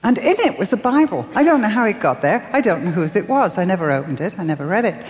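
An older woman preaches in a soft storytelling voice, with dramatic pauses and little character voices for the people she quotes. Her pitch sits in the middle range. Long reverb from a big hall trails every phrase. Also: very animated. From England. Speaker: speaker. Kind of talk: sermon.

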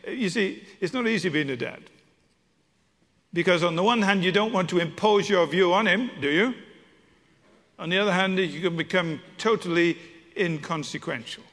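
Animated preacher with a high voice. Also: male voice, normal speed. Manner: animated, humorous, stumbling restarts. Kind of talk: sermon with storytelling. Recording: long hall reverb.

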